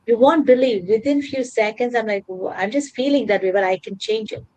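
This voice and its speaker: A woman's voice: mid-range voice, moderate pace, few pauses, darkish tone, rough recording. A woman co-hosting a podcast, talking in an earnest, casual way with many fillers and restarts. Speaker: podcast co-host. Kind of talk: casual chat.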